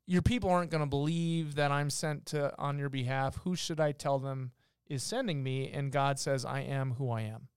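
A man's voice: mid-range voice, steady tone, moderate pace, clear, resonant tone, no room sound, studio quality. A man on a podcast explaining a Bible passage in a casual teaching way, reading verses aloud and stopping often to restart his sentences. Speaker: podcast co-host teaching scripture.

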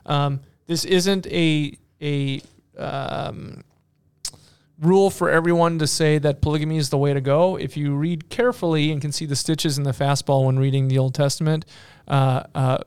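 A man in casual talk, retelling Bible stories in an animated way with playful asides and many fillers. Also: on the high side, moderate pace, clear, resonant tone, no echo, studio quality.

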